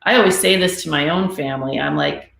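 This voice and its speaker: A woman hosting a conversational interview, speaking thoughtfully and haltingly with many restarts. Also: sits low, gravelly, fairly bright tone. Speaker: talk show host and Reiki practitioner. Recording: echoey room.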